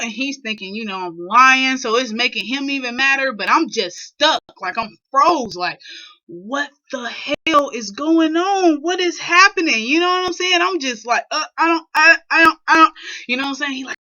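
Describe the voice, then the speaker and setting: A young woman vlogger tells a personal story in a loose, rambling way, constantly checking in with her listener. Her voice sits a little high and sounds bright and forceful. The audio is dull and lo-fi. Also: expressive, normal speed. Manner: rambling, filler-heavy, keeps asking "you know what I'm saying". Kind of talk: casual storytelling to camera.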